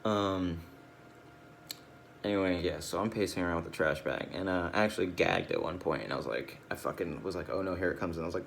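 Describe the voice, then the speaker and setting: A man's voice: sits low, fairly quick, vocal fry, fairly bright tone, slight background noise. A tired, drowsy man rambling through a casual personal video log, swearing often and losing his train of thought. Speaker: video diarist.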